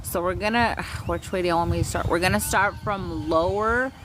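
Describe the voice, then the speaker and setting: A woman with a somewhat low voice leads a live-streamed energy healing session. She chants long strings of invented syllables, then drops into loose, frank chat with her viewers and swears now and then. A faint hiss sits under her voice. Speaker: spiritual healer.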